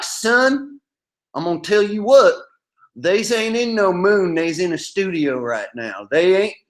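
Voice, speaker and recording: A man's voice: sits high, pushed and bright, voice pushed up. A man putting on an angry Okie hillbilly. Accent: Oklahoma hillbilly. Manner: ranting, cussing, drawling. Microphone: phone call.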